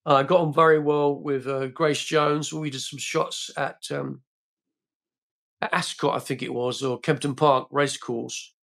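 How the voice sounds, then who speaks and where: A man's voice: fairly high pitch, level tone, unhurried, creaky, a bit bright. An older man, a film actor guest on a podcast, telling rambling stories full of fillers and restarts. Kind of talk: casual interview storytelling.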